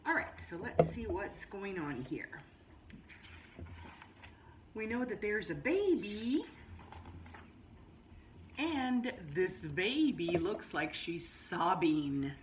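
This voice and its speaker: A woman teacher reads a picture book aloud to young children, her pitch leaping and swooping with lively expression. She stretches out her phrases slowly and patiently, then jumps up high for the exciting bits. A faint hiss of room noise sits behind her. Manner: animated, drawn-out storybook reading with sudden high exclamations. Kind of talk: read-aloud storytime for children.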